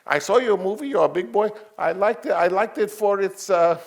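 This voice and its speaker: A man's voice: high voice, normal speed, creaky, pitched above the performer's own voice. A man putting on a fussy little old male studio mogul who talks in clipped, broken phrases and repeats his words. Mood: insistent.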